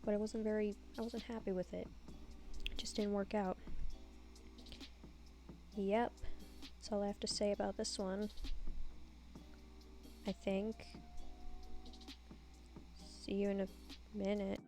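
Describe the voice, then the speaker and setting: A woman's voice: medium pitch, level tone, takes it slowly, long pauses, mellow, soft background music. A woman giving casual voiceover commentary on her own game build, rambling and self-deprecating with a sarcastic streak.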